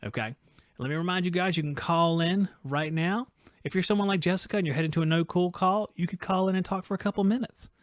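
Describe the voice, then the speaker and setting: A man's voice: high voice, fast, dry recording. A man hosting a live call-in trade show from home, telling jokey stories and acting out quotes and noises. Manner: animated joking storyteller, acts out quotes and noises. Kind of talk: casual live-stream chat.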